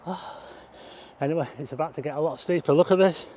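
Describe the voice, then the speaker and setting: Talking a little fast in a warm, fairly high voice, an older walking vlogger narrates as he drives and then climbs a hill outdoors. He exclaims and loses his breath, and a slight hiss or hum runs under the recording.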